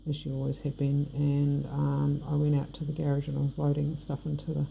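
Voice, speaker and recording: A middle-aged woman with a New Zealand accent tells a personal story straight to camera. Her voice is very dark and mellow with a gravelly rasp, and she talks bluntly and rambles. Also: deep voice, monotone, a little fast, slight background noise. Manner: blunt, rambling, frank with swearing. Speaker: vlogger. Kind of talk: personal monologue.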